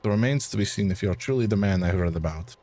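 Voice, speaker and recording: A man's voice: fairly low pitch, lively intonation, mellow. A man voicing a suave, courteous French male academic who exposes fraud, with a put-on French accent. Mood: measured. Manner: measured, courteous, slightly haughty.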